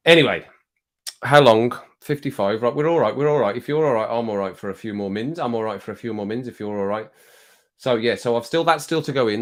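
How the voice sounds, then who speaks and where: Rambling, cursing man chatting to viewers. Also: lowish voice. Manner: rambling, swearing, laughing often. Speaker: livestream host. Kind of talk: casual chat with live viewers. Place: home streaming setup. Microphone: desk microphone.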